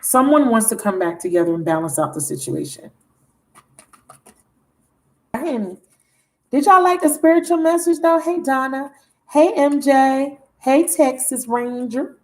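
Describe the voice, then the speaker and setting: Tarot reader, woman, slightly high voice; goofy, chatty, exclamatory. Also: unhurried, long pauses, darkish tone. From Broward County, Florida. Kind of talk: live tarot reading with viewer shout-outs.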